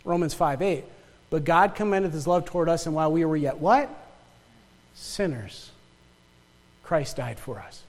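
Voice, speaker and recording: Male pastor, Yooper accent, high voice, emphatic sermon delivery, reverberant church hall. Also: lively intonation, normal speed, long pauses. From northern Michigan. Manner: emphatic preaching with rhetorical questions and repeated words.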